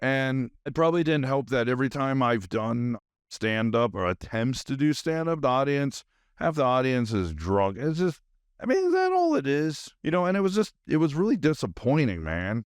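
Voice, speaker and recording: Rambling man with a smooth voice. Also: mid-range voice, animated, moderate pace, no room sound, studio quality. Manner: rambling, nonstop talker with many fillers. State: highly caffeinated. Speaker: podcast host. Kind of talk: rambling solo podcast monologue.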